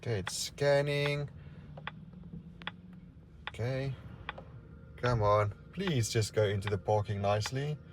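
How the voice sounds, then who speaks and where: A man's voice: medium pitch, takes it slowly, pauses often, noisy background. A man, casually talking viewers through a car, thinking aloud as he goes. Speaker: car reviewer. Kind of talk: casual vlog walkthrough. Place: outdoors and inside a car.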